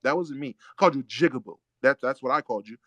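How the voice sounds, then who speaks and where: A man's voice: medium pitch, racing, pushed and bright, no room sound. A man hosting a live audio chat room, blunt, profane and confrontational in a heated argument.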